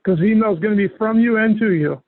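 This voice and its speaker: A man leads a software training session, talking a user through each click with relaxed, patient instructions. His voice is pitched fairly high. It comes over a tinny, phone-like call with a dry, close sound. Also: fast talker, no room sound. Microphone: call audio.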